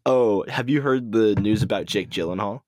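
A man's voice: lowish voice, unhurried, darkish tone, no echo, studio quality. A man co-hosting a podcast, relaying movie news in casual chat, hesitant with lots of ums and restarts. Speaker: podcast co-host.

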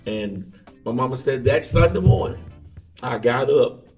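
A man, an evangelist guest on an interview show, tells stories from his life in a relaxed way and acts out the voices of the people he quotes. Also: medium pitch, unhurried, recorded from a distance. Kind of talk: casual interview storytelling. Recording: echoey room, off-mic, faint music.

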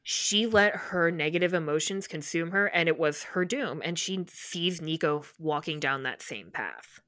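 A woman's voice: low voice, lively intonation, a little slow, a bit bright, no room sound, studio quality. A woman co-hosting a book podcast, retelling scenes in casual chat with quoted dialogue and open emotion. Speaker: podcast co-host.

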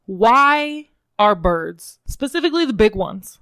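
Excitable, swearing young woman co-host. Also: on the high side, unhurried, dry recording, studio quality. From American Midwest. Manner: excitable, laughing, swears freely. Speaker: podcast co-host. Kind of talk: casual chat.

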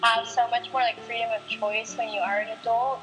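A woman's voice: on the high side, level tone, fairly quick, music in the background, low-quality recording. A young woman guest in a casual interview chat, speaking hesitantly and thoughtfully with many fillers.

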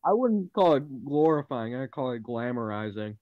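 A man's voice: mid-range voice, big pitch swings, normal speed, no room sound, narrow, tinny audio. Laid-back young man with a mid-range voice, cracking jokes while chewing. He sits close to a dry computer mic in a casual online podcast chat.

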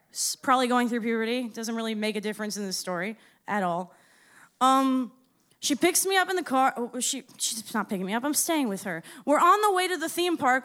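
A woman's voice: a little high, a bit bright, clear, resonant tone. A woman in her thirties telling a story live on stage, with a casual, profane, self-deprecating manner and frequent laughs. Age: 30s. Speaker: storyteller and musician.

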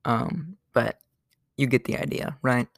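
A man's voice: medium pitch, measured pace, gravelly, no echo, clean studio sound. A young man hosting a casual solo podcast, rambling with lots of fillers. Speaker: podcast host.

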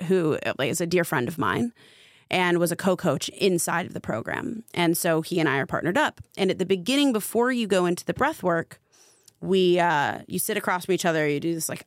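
A woman's voice: on the low side, no echo, clean studio sound. A woman guest on a podcast, working as a spiritual coach, telling a personal story in casual conversation, earnest and full of filler "like". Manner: earnest, heavy use of filler "like".

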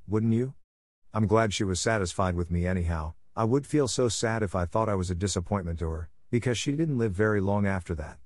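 A man's voice: lowish voice, darkish tone, no echo, lightly acted. A man reading as a chatty orphan girl. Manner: eager, dreamy, gushing. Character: chatty imaginative eleven-year-old orphan girl. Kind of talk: audiobook reading.

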